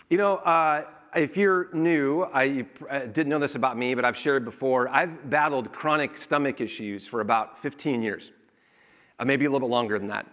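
Bright, animated pastor preaching. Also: male voice, fairly high pitch. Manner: conversational storytelling with animated quoted asides. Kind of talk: sermon.

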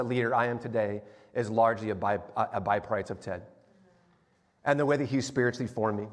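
High-voiced pastor preaching in a reverberant hall. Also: male voice. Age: middle-aged. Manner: storytelling, animated when acting out scenes. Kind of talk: sermon. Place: church sanctuary.

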